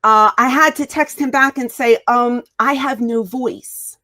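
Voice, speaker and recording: Woman interview guest, higher-pitched, animated storyteller who voices the quotes. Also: measured pace. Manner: animated, acts out quoted dialogue. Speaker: wrestling guest.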